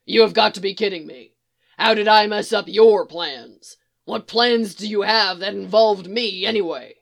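A woman voicing a brash, foul-mouthed male magical firebird who talks loudly and sarcastically. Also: medium pitch, measured pace, gravelly. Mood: indignant. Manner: loud, sarcastic, swearing.

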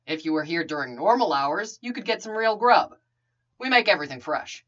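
A woman's voice: fairly low pitch, lively intonation, fairly quick, fairly bright tone, lo-fi sound. Brief: dry joker guy, woman voicing, easy and playful, varied lilt. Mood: teasing. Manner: dry, teasing. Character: teasing easygoing young man.

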